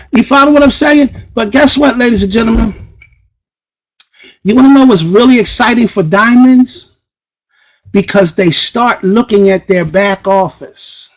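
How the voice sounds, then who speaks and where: A man giving a fiery motivational speech to an audience, preacher-like, firing repeated rhetorical questions and breaking into shouts. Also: extremely high pitch, measured pace, poor audio. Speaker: motivational speaker at a sales event.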